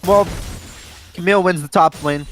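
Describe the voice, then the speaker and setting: Laid-back Texan game caster. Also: male voice, high-pitched, normal speed, a bit bright, slight background noise. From Texas, Houston area. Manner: laid-back, joking, trailing off with uh and like. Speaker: esports caster. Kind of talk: live game commentary.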